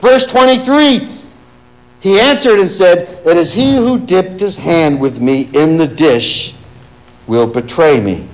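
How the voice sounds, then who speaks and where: A man's voice: medium pitch, poor audio. A male pastor preaching a sermon in church, firing rhetorical questions at his congregation and reading scripture aloud.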